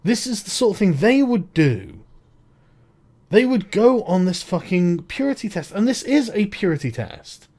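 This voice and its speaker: Man, lively swooping voice, profane, rambling rant. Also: high voice, a little slow. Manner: exasperated, profane and rambling, with many restarts. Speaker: online commentator. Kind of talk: ranting video commentary.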